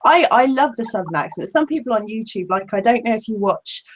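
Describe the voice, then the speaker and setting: A woman's voice: a little high, expressive, brisk. An Englishwoman chatting casually as a live-stream guest, giggling often and rambling in a self-deprecating way. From England.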